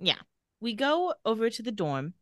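A woman's voice: big pitch swings, normal speed, fairly bright tone, no echo, clean studio sound. A woman co-hosting a podcast, casually recapping a TV episode and acting out the characters' lines. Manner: reads out scene lines, acting them with big pitch jumps. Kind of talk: casual chat.

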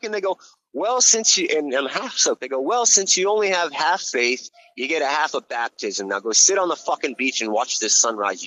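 A man who grew up in Hawaii, telling a long story in a casual, profane, rambling way and getting loud when he reenacts scenes. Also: a little high. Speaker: guest telling his story. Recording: slightly dull, lo-fi sound.

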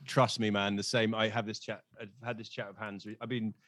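A comedian guest in casual conversation, telling anecdotes and acting out what people said, laughing often. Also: male voice, lowish voice, little pitch movement, brisk, a bit bright, no room sound. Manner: storytelling, acts out quotes, laughs often. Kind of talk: casual chat.

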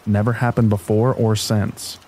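A man narrating scary stories in a calm, even, sleep-story reading with rain behind him. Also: fairly low pitch, moderate pace, slight background noise, low-quality recording.

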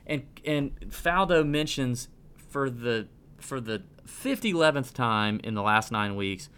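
Excitable male podcast host on a rant. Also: mid-range voice, takes it slowly, clean tone. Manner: animated ranting, stumbling restarts. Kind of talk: casual podcast chat.

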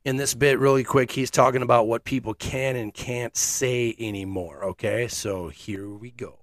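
A man's voice: mid-range voice, steady tone, normal speed, no room sound, studio quality. A man hosting his own podcast, giving blunt, sarcastic, fiery commentary. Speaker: podcast host. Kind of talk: opinionated commentary.

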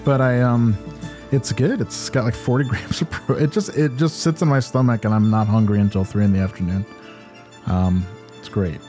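A man's voice: mid-range voice, moderate pace, mellow, soft background music. A man co-hosting a casual podcast chat, laid-back and rambling. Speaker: podcast co-host.

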